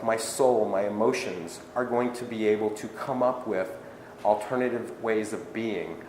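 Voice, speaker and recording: A man giving a spiritual self-help lecture, asking rhetorical questions and acting out everyday dialogue. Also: mid-range voice. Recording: echoey hall with faint ambient noise.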